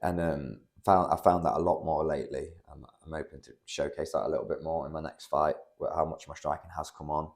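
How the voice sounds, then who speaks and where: This young man from the UK is a guest on a podcast, an amateur MMA fighter telling a rambling, casual story packed with fillers and curse words. He has a bass voice with fairly even intonation, a slightly fast pace with few pauses, and a creaky, somewhat mellow quality.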